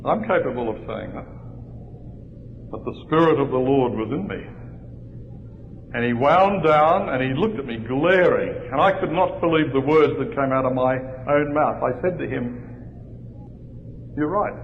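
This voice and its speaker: A male pastor telling a humorous personal story during a sermon, in a lively storytelling manner. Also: medium pitch, moderate pace, slight background noise. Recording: dull lo-fi recording in a large reverberant hall.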